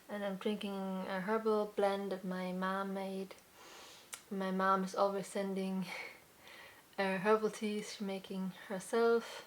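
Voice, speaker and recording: A young woman hosts her own crafting podcast and talks slowly and easily, stopping often with fillers and restarting her sentences. Her breath runs a little short now and then. Her pitch is about average for a woman. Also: a little hiss or hum. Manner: unhurried, with many fillers and restarts. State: slightly out of breath. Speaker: podcast host. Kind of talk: casual chat.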